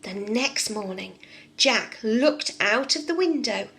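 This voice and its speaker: Slow, bright-voiced nursery teacher. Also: female voice, a little high. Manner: expressive, asks the children questions. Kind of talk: storybook read-aloud and lesson for young children.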